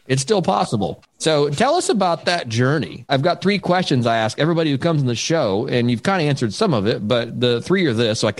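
A man hosting a podcast, asking interview questions in a friendly, enthusiastic way. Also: medium pitch. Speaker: podcast host.

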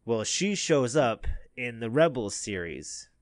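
A man's voice: medium pitch, sing-song, slow pace, dry recording, clean studio sound. A man chatting casually as a podcast co-host, telling a long story full of fillers, restarts and easy laughs. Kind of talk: casual chat.

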